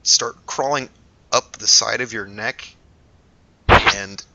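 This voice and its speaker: A man narrating a tabletop game as game master, halting and full of fillers as he describes scenes. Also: on the low side, steady tone, vocal fry, sharp tone. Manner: hesitant, lots of ums and restarts while describing scenes. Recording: dull lo-fi recording.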